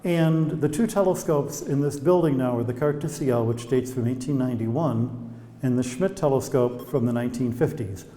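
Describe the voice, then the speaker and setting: A man's voice: mid-range voice, moderate pace, dark tone, big-room sound. A man guiding a tour of old observatory telescopes, explaining with chatty anecdotes. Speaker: observatory guide. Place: inside old observatory domes.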